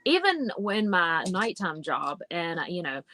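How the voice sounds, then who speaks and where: A woman with an Appalachian accent, a guest chatting in a casual interview over a video call, lively and laughing as she tells stories. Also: on the low side, unhurried. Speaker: guest witch and healer.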